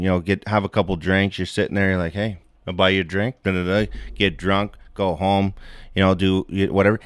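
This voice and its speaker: A man's voice: low voice, dry recording, clean studio sound. A middle-aged man hosting a live stream, rambling and swearing, laughing at his own jokes. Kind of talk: casual live-stream rant.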